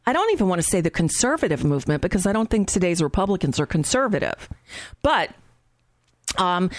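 A woman's voice: fairly low pitch, dry recording. A woman hosting a political talk show, chatty and sardonic.

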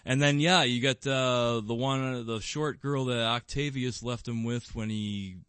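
A man's voice: mid-range voice, fairly even intonation, unhurried, fairly bright tone, smooth, no room sound. A man co-hosting a podcast in casual fan chat, rambling with lots of fillers and restarts, with bursts of enthusiasm. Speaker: podcast co-host.

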